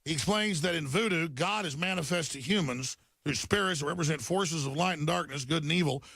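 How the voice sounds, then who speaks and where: A man's voice: fairly high pitch, a little fast, vocal fry, a bit bright, no room sound. A man hosting a talk show, ranting emphatically through news headlines and stumbling over repeated words. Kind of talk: talk radio monologue reading headlines.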